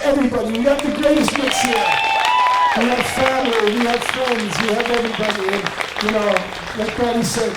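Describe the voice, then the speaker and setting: An older man from New York speaks as father of the groom, folksy and rambling, with a high voice. He sounds distant in a roomy reception hall. Guests chatter behind him. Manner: rambling, folksy, warm-hearted. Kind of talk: wedding speech. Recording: echoey hall from far off, crowd noise.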